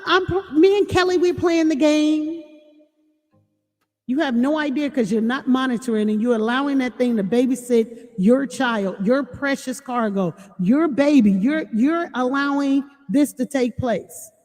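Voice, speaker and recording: A woman chatting on a livestream, warning parents and reading out chat comments in an animated way. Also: fairly high pitch. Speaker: livestream host. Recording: long reverb with faint music.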